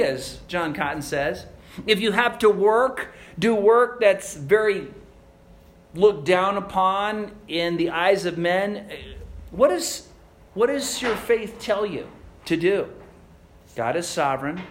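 A male pastor preaching a sermon, asking rhetorical questions and telling stories in an animated way. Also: sits high, slow pace.

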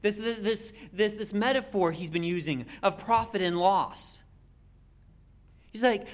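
A preacher giving an expository sermon in an animated way, with jokey asides and frequent restarts. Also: mid-range voice, unhurried.

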